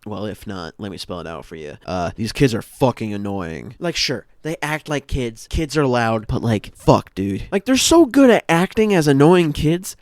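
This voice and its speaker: A man's voice: medium pitch, very animated, normal speed, few pauses, slight background noise. Sarcastic young man riffing on a movie. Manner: sarcastic, profane, exasperated. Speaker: movie review host. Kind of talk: comedic movie commentary.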